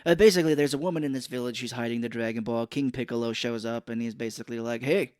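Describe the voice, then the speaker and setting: A man co-hosting a podcast, talking through a film scene by scene in a loose, joking way. His asides are sarcastic, and he slips into short character impressions. His voice sits at an ordinary middle pitch, and the recording is close and dry. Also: fairly even intonation, quick pace, a little mellow, clean tone, no room sound. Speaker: podcast co-host. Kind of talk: casual chat.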